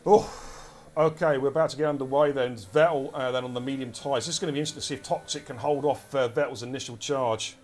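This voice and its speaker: A man giving live commentary on an online racing league, excitable and chatty, talking straight to his viewers. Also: medium pitch, fast talker, noisy background. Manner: excitable, chatty, addresses chat directly. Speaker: race commentator and streamer. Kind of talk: live esports race commentary.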